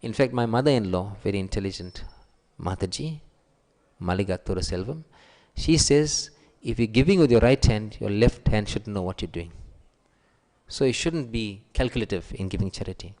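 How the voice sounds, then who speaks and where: A man giving a sermon, telling stories and acting out the quoted voices with a raised pitch. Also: lively intonation, moderate pace, darkish tone. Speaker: preacher. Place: temple hall. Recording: long hall reverb.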